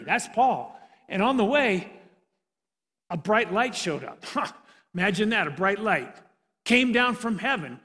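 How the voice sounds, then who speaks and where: A male preacher with a notably high voice tells the story with animated energy. He often restarts his sentences. The sound has a long reverb from the church hall. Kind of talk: sermon.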